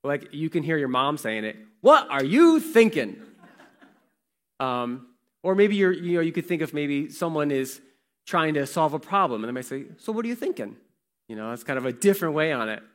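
A male pastor preaches in a relaxed, storytelling way, asking the congregation questions as he goes. His pitch swings widely, rising and falling with animation. His voice carries through a big church hall with a long, lingering reverb. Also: brisk. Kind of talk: sermon.

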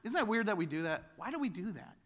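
A man preaching a sermon as pastor, animated and building to loud exclamations. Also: high voice, quick pace.

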